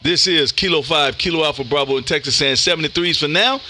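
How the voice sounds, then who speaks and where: A man's voice: fairly high pitch, quick pace, bright, forceful tone, slight background noise. A man hosting a ham radio live stream, chatting in an upbeat, casual way and calling everyone "man". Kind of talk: casual on-air radio chat.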